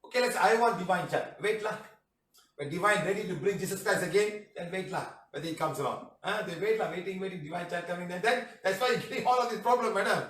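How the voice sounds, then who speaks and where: Jokey, high-voiced man with a Malaysian accent. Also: fast, a bit bright. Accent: Malaysian English. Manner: jokey, chatty, repeats "madam" and "huh", laughs often. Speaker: healing teacher answering testimonials. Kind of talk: casual live class talk, reading out messages. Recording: echoey room, voice somewhat far from the mic.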